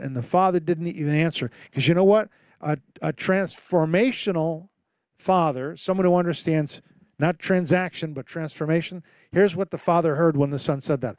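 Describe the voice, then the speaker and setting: A man preaching a sermon as pastor, telling stories with lively acted-out voices and asking rhetorical questions. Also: fairly high pitch, normal speed, clear, resonant tone, dry recording. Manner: animated storytelling with rhetorical questions; acts out voices and sounds in his stories.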